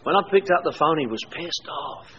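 A man's voice: fairly high pitch, expressive, brisk, fairly bright tone, long reverb tail. A man sharing his personal testimony with a recovery group, telling blunt, colorful stories and acting out the dialogue. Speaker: speaker at a recovery meeting. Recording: dull lo-fi live recording with faint hiss.

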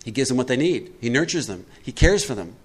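A man's voice: medium pitch, sing-song, a little fast, breathy edge. A middle-aged man giving a twelve-step recovery talk to a group, conversational and emphatic, often putting questions to his listeners.

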